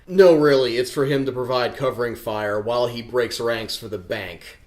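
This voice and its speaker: A man's voice: mid-range voice, moderate pace, darkish tone. A man hosting a comedic movie review show, with a sarcastic, snarky delivery.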